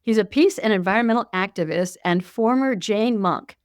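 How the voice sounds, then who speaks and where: A woman's voice: mid-range voice, normal speed, clear, resonant tone, dry recording, studio quality. A woman hosting an interview, introducing her guest with enthusiasm. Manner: warm-hearted, enthusiastic. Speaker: host.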